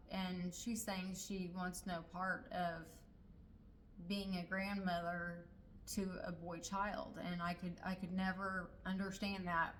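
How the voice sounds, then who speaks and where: A woman's voice: lowish voice, a bit bright, a little hiss or hum, low-quality recording. A middle-aged woman telling a personal family story in a casual way, hesitating often with fillers and restarts.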